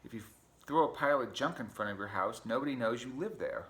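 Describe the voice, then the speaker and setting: A man voicing a messy, fussy male pack rat in a storybook reading, loud, excitable and whiny. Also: mid-range voice, quick pace. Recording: echoey room.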